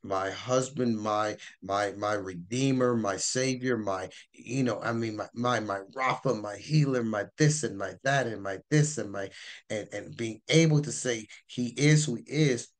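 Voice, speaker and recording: Man, low voice, casual Bible teaching, repeats himself, hoarse edge. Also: a little slow. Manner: rambling, repeats words, animated asides. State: losing his voice.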